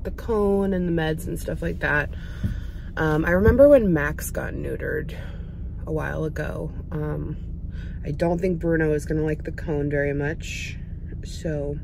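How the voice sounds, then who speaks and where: A woman's voice: low voice, background noise. A young woman chatting casually in a vlog, full of likes and ums, cooing baby talk at her dog now and then. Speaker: lifestyle vlogger.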